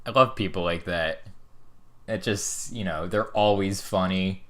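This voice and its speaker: A man's voice: deep voice, a little slow, a bit bright. A man of about twenty, hosting a podcast, musing in casual chat and hedging with 'like' and 'you know'. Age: around 20. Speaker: podcast host.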